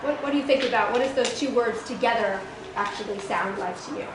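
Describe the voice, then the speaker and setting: Hoarse woman lecturing in an echoey hall. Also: on the high side, quick pace. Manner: participatory, conversational, frequent ums. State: hoarse, losing her voice. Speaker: guest lecturer. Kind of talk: college lecture. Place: college lecture room. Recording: echoey room with background noise.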